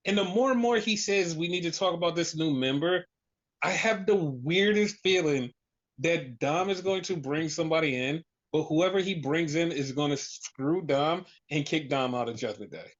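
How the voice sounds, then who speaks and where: A fairly high-pitched man at normal speed co-hosts a podcast, chatting casually and rambling. Expect frequent "like," swearing and acted-out quotes, all in a dull lo-fi recording.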